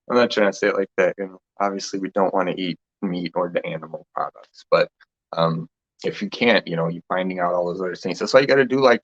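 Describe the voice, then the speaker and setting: Rambling man in a dull lo-fi recording. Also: sits low. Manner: loose and meandering, laughs often, trails off. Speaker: host of a spiritual talk session. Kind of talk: casual rambling spiritual chat.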